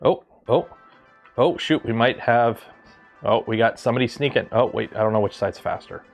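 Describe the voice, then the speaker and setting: A man's voice: mid-range voice, normal speed, creaky, soft background music. A man from Canada hosting a livestream, talking casually and rambling with lots of ums and restarts. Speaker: livestream host.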